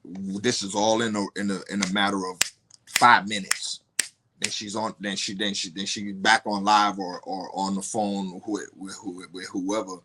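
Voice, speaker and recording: A man's voice: deep voice, little pitch movement, sharp tone, slight background noise. A man, a podcast guest, telling a personal story in casual, profane talk full of restarts. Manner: profane, halting, many restarts.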